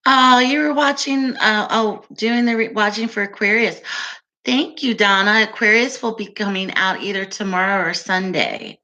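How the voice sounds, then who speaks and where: A woman's voice: mid-range voice, moderate pace, pushed and bright, lo-fi sound. A woman hosting a casual livestream, chatting with viewers, laughing often and answering their comments. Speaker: livestream host.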